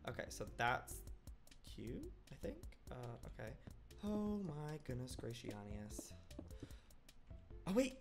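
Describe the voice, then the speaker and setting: A young man in his twenties giving excitable let's-play commentary, dramatic and given to silly exclamations and mock-outraged shrieks. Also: fairly high pitch, creaky. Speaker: gaming YouTuber.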